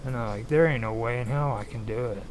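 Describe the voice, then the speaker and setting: A man's voice: mid-range voice, fast talker, poor audio. A man hosting a live stream in casual tech chat, rambling loosely with lots of filler words. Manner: loose, rambling, heavy use of "frickin'" and "like".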